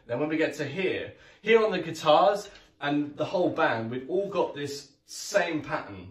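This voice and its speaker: A man's voice: on the high side, animated, unhurried, noisy background. A man teaching drums in a friendly way, counting aloud and singing the beats with his mouth. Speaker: drum teacher. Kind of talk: music lesson. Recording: echoey room, mic at a distance, music playing.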